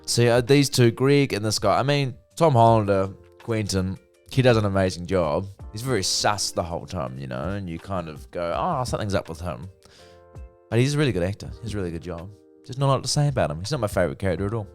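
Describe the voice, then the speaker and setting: Deep-voiced man chatting about a TV show. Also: quick pace, faint music behind. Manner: chatty, profane, lively retelling. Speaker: TV review vlogger. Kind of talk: casual TV series review.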